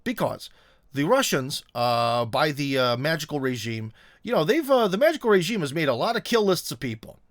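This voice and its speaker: A man's voice: a little high, very animated, moderate pace, no echo, studio quality. A man hosting a casual political commentary monologue, rambling with many fillers and restarts, and often sarcastic.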